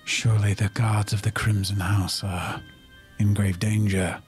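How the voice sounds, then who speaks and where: A man voicing an earnest, learned male adventurer in a tabletop game, speaking in a solemn, measured way. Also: on the low side, little pitch movement, soft background music, lightly acted. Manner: solemn, measured in-character speech.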